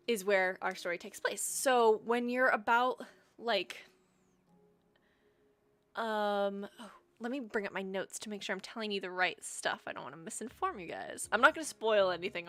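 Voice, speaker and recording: A young woman hosting a livestream explains a story world in a chatty, rambling way, saying "um" often. Her medium-pitched voice has a fairly bright tone, and faint music plays behind her.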